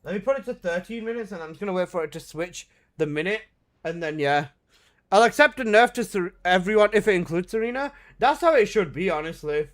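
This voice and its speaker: A man streaming a game live, chatting casually with loose, excitable gamer slang. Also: high voice, brisk.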